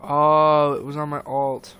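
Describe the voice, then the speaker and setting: A man's voice: on the high side, completely flat delivery, measured pace, pushed and bright, clean tone, soft background music. A young man streaming, rambling and agitated as he retells a falling-out, with lots of fillers and restarts. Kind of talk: casual stream chat, retelling a conversation.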